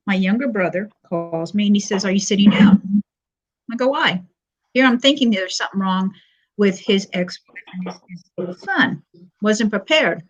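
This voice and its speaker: Older woman telling her story haltingly, lots of ums, kinda dull muffled audio. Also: medium pitch. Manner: halting, frequent pauses and fillers, retelling with quoted dialogue. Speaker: panel guest sharing her story. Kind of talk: personal testimony on a live stream.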